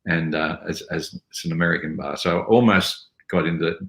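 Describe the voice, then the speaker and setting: An older man with an Australian accent, telling rambling, animated stories as an actor guest on a video call. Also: low voice, a little fast, roomy sound, rough recording. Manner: rambling, animated storytelling with mimicry. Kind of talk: casual interview anecdotes.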